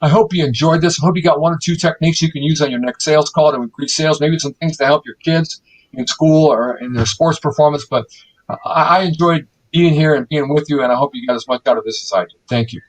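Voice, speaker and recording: A man with a somewhat high voice gives a live presentation. He talks with energy, tells stories and acts out what people say. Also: quick pace, poor audio. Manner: energetic, animated storytelling with acted-out quotes.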